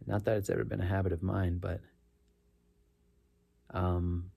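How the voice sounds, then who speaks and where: A middle-aged man with a deep, gravelly voice tells a story in a loose, reflective way. His tone is dark and mellow, and he often circles back and corrects himself as he talks. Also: little pitch movement, unhurried. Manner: rambling, self-correcting, earnest. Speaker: rideshare driver sharing stories.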